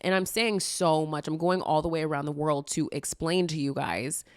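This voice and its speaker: A woman's voice: low-pitched, normal speed, clear, resonant tone, dry recording, clean studio sound. A young adult woman hosting a casual podcast, rambling candidly with lots of fillers and the odd swear word. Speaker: podcast host.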